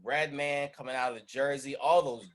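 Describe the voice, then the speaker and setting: A man on a casual podcast panel, arguing his picks in an animated, emphatic way. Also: mid-range voice, normal speed. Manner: animated, emphatic, laughs a lot. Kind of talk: casual debate chat.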